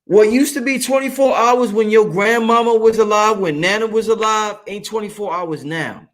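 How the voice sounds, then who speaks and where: Emphatic profane livestream host, higher-pitched man. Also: normal speed. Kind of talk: casual livestream monologue.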